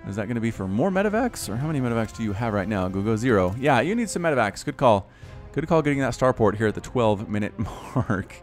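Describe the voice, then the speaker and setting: A man in his thirties commentating a strategy video game match, casual and chatty, getting louder and higher at big plays. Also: fast talker. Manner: excitable, rises sharply in pitch and volume at big plays. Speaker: game caster. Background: faint background music.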